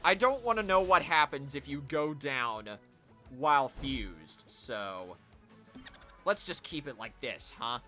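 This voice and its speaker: A man commentating his own game stream in an easygoing, unhurried way. His voice is bright and his pitch moves around a lot as he reacts. Quiet music runs underneath. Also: lively intonation. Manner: chatty, talking to viewers while playing. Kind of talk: casual live-stream commentary.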